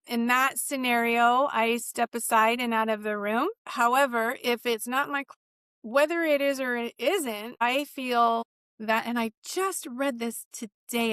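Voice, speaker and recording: A woman's voice: fairly high pitch, a bit bright, smooth, dry recording. Chatty upbeat woman, dry close mic. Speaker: real estate agent and co-host. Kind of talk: casual podcast chat.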